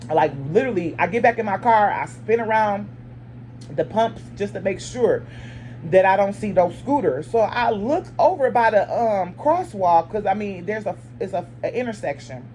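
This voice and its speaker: Animated woman telling a profane story. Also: mid-range voice, slight background noise. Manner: animated, emphatic, profane, addresses viewers as y'all. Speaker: storytime vlogger. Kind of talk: casual storytelling to viewers.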